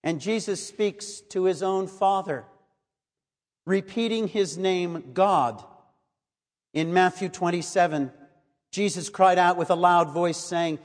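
High-voiced male preacher, long reverb. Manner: measured, earnest scripture reading. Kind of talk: sermon.

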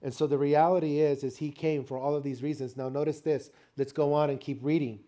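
An older man preaching a sermon, telling a family story with lively call-and-response to the congregation. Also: on the high side, a little fast. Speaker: pastor.

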